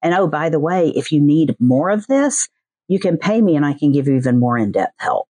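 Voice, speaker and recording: A woman with a Southern US accent, a podcast producer chatting in an interview and slipping into quick voiced asides. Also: low-pitched, husky, dry recording. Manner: chatty, animated, mimics other people's voices in quick asides. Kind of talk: casual interview chat.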